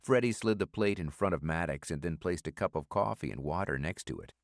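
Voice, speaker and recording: A man reading a thriller audiobook in a steady, measured scripted narration. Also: low voice, vocal fry, no room sound, studio quality.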